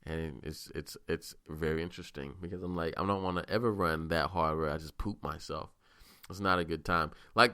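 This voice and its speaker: A man's voice: deep voice, sharp tone, clear, resonant tone, dry recording, studio quality. A man hosting a podcast, telling stories in a rambling, profane, casual monologue. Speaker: podcast host.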